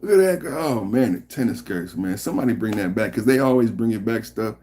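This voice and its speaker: A man hosting a casual podcast livestream, reading the chat aloud, joking and rambling and laughing often, sometimes muttering low and sometimes getting loud. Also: brisk, a little hiss or hum.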